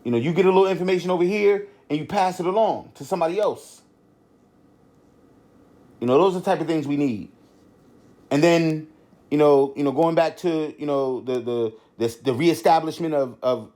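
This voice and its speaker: A man's voice: on the high side, mellow. A middle-aged man hosting a podcast, talking off the cuff in a rambling way, with many restarts and constant "you know" fillers. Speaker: podcast host. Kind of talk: unscripted podcast monologue.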